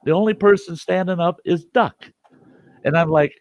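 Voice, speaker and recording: A man's voice: high voice, moderate pace, no echo. Folksy man telling a salty yarn. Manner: folksy, animated, salty language. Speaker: storyteller host. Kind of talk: casual spoken storytelling. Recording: dull dry lo-fi recording.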